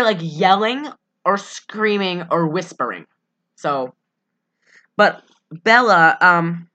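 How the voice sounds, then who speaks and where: Woman co-host, bright lowish voice, loose rambling chat. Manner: rambling, animated, quick to laugh. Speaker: podcast co-host. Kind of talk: casual chat.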